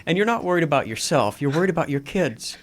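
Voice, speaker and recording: A man hosting an interview, with a fairly high voice for a man that rises and falls a lot. He asks his questions in a gentle, encouraging way. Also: lively intonation, fast. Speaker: host.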